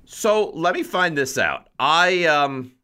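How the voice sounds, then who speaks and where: A man's voice: fairly high pitch, animated, takes it slowly, bright, forceful tone. A man hosting a sports talk show, playfully grumpy and emphatic in his complaints. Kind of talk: casual chat.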